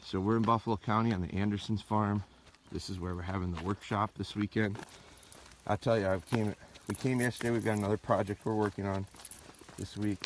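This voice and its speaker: A fairly low-voiced man talks casually to viewers while working his dogs outdoors on a farm, breaking off for short, firm heel and sit commands. His phone or tripod camera picks up noticeable outdoor noise. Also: steady tone, a little fast. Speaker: dog trainer. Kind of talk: live outdoor training stream. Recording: noisy outdoor livestream.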